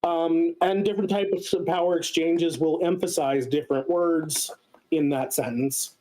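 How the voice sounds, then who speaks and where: A man with a fairly high voice walks listeners through a theory in a casual lecture. He talks in a loose, explanatory way and fills his pauses with ums and uhs. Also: fairly even intonation, dark tone, poor audio. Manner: explanatory, many filler sounds. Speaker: guest speaker.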